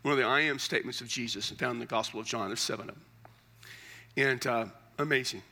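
Male pastor, middle-aged, sermon, conversational with humor, bright tone. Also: mid-range voice, quick pace, creaky. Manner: conversational preaching with humor and emphatic asides.

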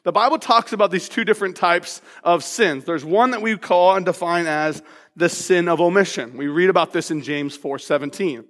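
A male pastor preaching a sermon, telling a personal story in an animated, laughing, casual way before moving into scripture. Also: sits high, normal speed. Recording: long reverb of a large hall.

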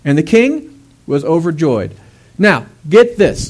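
A man's voice: a little high, big pitch swings, slow pace, a little mellow, husky. A man preaching a sermon in a conversational way, with fillers and asides, often rising to a raised, emphatic voice.

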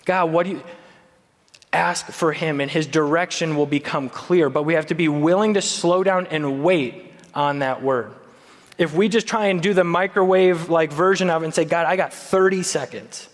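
A man's voice: on the high side, steady tone, normal speed. Conversational preacher man in a reverberant hall. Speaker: pastor. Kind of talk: sermon.

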